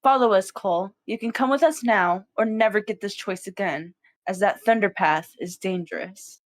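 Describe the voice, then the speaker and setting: A woman voicing a calm, authoritative female clan leader cat in a fan-made cat movie, measured and commanding. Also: medium pitch, natural voice.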